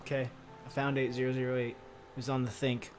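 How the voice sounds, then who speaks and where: A man's voice: medium pitch, level tone, fairly quick, music in the background. A young man chatting casually on a livestream while building a keyboard, answering viewers in laid-back, slangy banter full of swearing.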